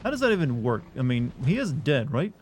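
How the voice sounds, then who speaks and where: Excitable swearing man streaming a game. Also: mid-range voice, brisk. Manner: excitable, swears a lot, reacts aloud to the game. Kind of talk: live gameplay commentary. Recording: game noise loud behind the voice.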